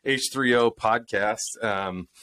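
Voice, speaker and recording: Laid back guy hosting a podcast, kinda low voice, rambles a bit. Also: slow pace, sharp tone, clear, resonant tone. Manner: loose, rambling with restarts. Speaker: podcast host. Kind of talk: casual podcast chat.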